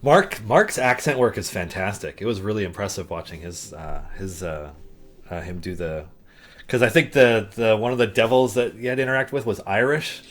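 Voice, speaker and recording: A man's voice: fairly low pitch, animated, moderate pace, fairly bright tone. A man hosting a casual chat, hesitant, with frequent fillers and restarts. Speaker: host.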